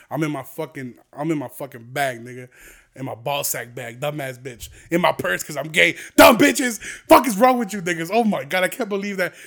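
A young man hosting a podcast, ranting profanely and heatedly, swinging between low mutters and loud outbursts. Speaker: podcast host.

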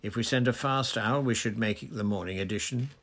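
A man voicing a pompous, blustering male minister who is excitable and triumphant. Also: medium pitch, fairly quick, natural voice. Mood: gleeful.

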